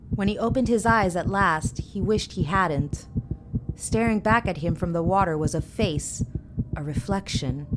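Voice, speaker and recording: A woman reads a dark tale aloud in a measured, even audiobook narration. Her voice sits a little low. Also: very noisy.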